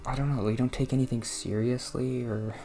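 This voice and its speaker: A man's voice: medium pitch, flat delivery, moderate pace, dark tone, soft background music. A man from New Jersey talking casually while playing a video game, rambling and self-deprecating, groaning and laughing at the game. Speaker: gaming vlogger.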